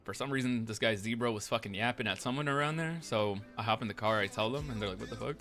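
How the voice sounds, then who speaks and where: A man's voice: lowish voice, fast talker, sharp tone, soft background music. A man casually retelling events from a roleplay game, rambling and profane, acting out the lines of others. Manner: profane, rambling, acts out the quotes. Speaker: roleplay streamer.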